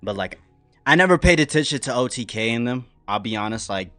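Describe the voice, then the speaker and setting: A man reacting to a stream in casual commentary, rambling with many fillers and slang, dropping quiet and then bursting out loud. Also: mid-range voice, expressive, fairly quick, no echo, faint music behind.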